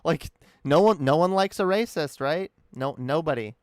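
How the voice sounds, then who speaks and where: A man's voice: fairly high pitch, animated, moderate pace, no room sound, clean studio sound. A man giving casual, profane reaction commentary on a video, incredulous and rambling. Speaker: commentary streamer.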